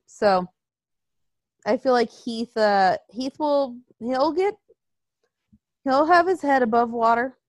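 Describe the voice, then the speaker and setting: A woman's voice: a little high, takes it slowly, long pauses, dry recording. A woman co-hosting a casual wrestling chat, profane and mocking, talking close to a dry mic.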